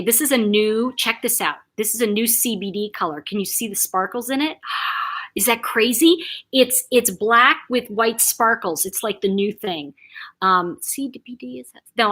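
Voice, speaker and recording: An older woman hosting a casual live chat, reading viewer comments aloud, chatty and quick to laugh. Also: fairly high pitch. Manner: warm, chatty, reacts to comments, laughs often.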